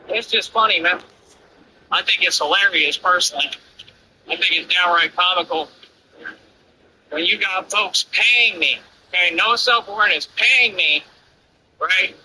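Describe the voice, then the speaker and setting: A man's voice: high-pitched, pushed and bright, a little hiss or hum, rough recording. A man streamer ranting defiantly and boastfully over his gameplay. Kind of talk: livestream rant over gameplay.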